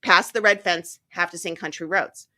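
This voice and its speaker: A middle-aged woman hosting a podcast, talking in an animated way and acting out the quotes in her stories. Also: lowish voice, normal speed. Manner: animated storyteller who acts out quotes. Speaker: podcast host. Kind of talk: casual chat.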